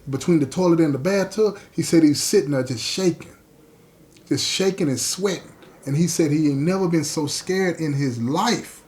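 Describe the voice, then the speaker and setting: Male podcast host, a touch high in pitch, tells a story with animated, chatty delivery. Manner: animated, conversational retelling, addresses listeners directly.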